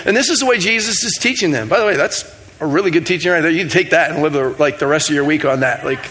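Guy preaching a laid-back sermon, kinda high voice, chatty and jokey, acts out the back-and-forth. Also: fast talker, bright, forceful tone. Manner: conversational, self-mocking, acts out dialogue. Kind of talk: sermon with storytelling.

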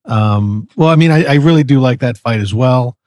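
A man's voice: mid-range voice, moderate pace, darkish tone, no room sound. Blunt, swearing man in casual chat. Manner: blunt, swears, hesitant fillers. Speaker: podcast panelist.

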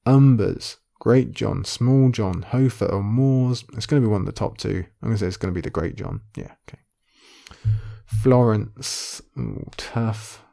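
Male quiz vlogger, low and gravelly, casual muttered think-aloud commentary. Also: unhurried, dark tone. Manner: muttering guesses half to himself, then committing. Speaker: video creator playing an online quiz.

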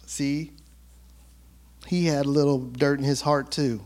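A man's voice: on the high side, slow pace, pauses often. A male pastor preaching a sermon, reading scripture aloud and breaking into humorous, colloquial asides that act out the people in the story. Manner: animated, acts out characters in colloquial asides; reads scripture aloud then comments with humor.

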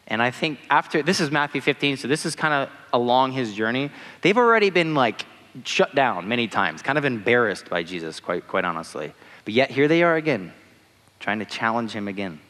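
A young male preacher talks through a relaxed, conversational sermon, often leaning on filler words. His voice is mid-pitched, and a long reverb trails after each phrase in a large church hall. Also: brisk. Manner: conversational, uses many fillers like "like" and "you know". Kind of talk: casual sermon.

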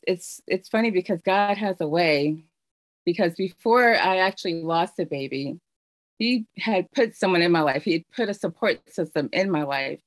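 A middle-aged woman telling her personal story in an earnest, halting way, with fillers and restarts. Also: on the low side, no room sound. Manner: emotional storytelling. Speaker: speaker sharing her story. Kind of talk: personal testimony.

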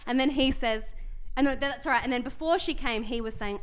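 A woman's voice: fairly high pitch, moderate pace, clean tone. A young adult woman co-hosting a casual podcast chat, telling stories in a rambling way, often restarting her sentences. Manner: rambling, self-interrupting storyteller. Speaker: podcast co-host.

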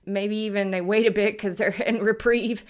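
A woman's voice: mid-range voice, steady tone, normal speed. A woman in her thirties from the United States hosting a podcast, telling stories in a chatty, folksy way with frequent chuckles. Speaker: podcast host. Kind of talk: casual podcast talk, storytelling.

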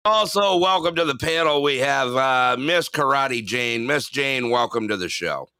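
A man's voice: medium pitch, animated, unhurried, sharp tone, clean tone, no echo. A man hosting a live podcast, introducing guests in casual chat and laughing often. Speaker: host.

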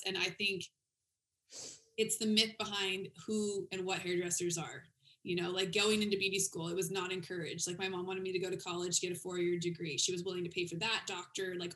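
A woman in her thirties hosting a podcast, talking casually and quickly with many fillers. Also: fairly low pitch, pushed and bright. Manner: chatty, fast, lots of "like" and "you know". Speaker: podcast host. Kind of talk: casual interview chat.

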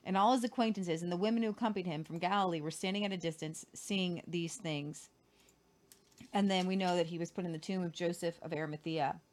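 A woman's voice: fairly low pitch, fairly even intonation, fairly quick, a little mellow. A woman co-hosting a Christian show, reading scripture aloud with casual commentary. She reads earnestly and sometimes stumbles and repeats words.

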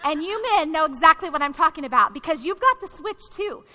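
A woman pastor preaches in a direct, conversational way, her voice very high and strikingly bright. It rings out with a long hall reverb, as if from a church sanctuary. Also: lively intonation, brisk. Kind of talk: sermon.

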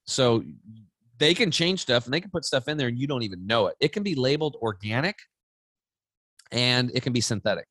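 Animated man telling a story. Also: mid-range voice, brisk, dry recording. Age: 40s. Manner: animated storytelling, acting out voices. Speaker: podcast guest. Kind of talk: casual chat.

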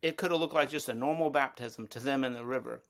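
A man's voice: medium pitch, fast talker. Man thinking aloud in a Bible study. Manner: thinks aloud with restarts and hedges. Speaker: study participant.

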